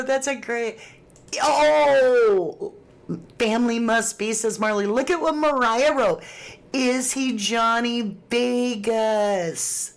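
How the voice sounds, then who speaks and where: A woman hosting a casual livestream, chatting and reading viewer comments aloud with frequent laughs. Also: fairly high pitch. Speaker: true crime livestream host.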